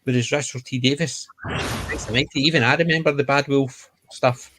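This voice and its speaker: A man's voice: mid-range voice, fairly even intonation, brisk, fairly bright tone, a little hiss or hum. A man on a fan panel in casual chat, opinionated and acting out little quotes. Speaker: podcast panelist.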